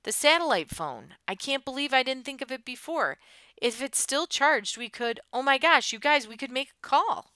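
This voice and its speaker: A woman's voice: on the low side, normal speed, bright, forceful tone, clean tone, no room sound. A woman voicing an anxious teenage girl stranded after a crash, speaking with urgent, pleading strain.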